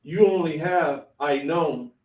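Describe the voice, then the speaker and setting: A slightly high-voiced man reads scripture aloud very slowly and hesitantly. He sounds far from the mic in a roomy, echoing space. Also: a little mellow. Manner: slow, hesitant reading. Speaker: class member reading aloud. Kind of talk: slow scripture reading.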